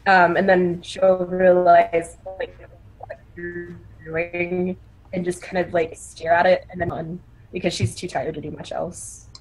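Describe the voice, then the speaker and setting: Relaxed woman talking at a game table. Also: on the low side, a little slow, husky, low-quality recording. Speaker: player. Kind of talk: casual tabletop game chat.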